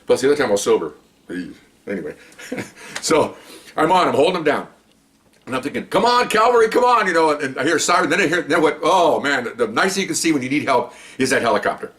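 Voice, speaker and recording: A man who was once a police officer, telling a long story in a rambling, animated way and often checking in with "okay?". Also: medium pitch, fast. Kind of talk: casual spoken storytelling.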